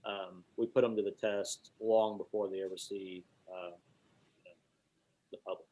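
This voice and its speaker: A man, teaching a webinar and telling hunting stories, now and then hooting owl calls out loud. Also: low-pitched, a little slow, highs cut off. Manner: animated storyteller, hoots owl calls with his voice. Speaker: guest instructor, call maker.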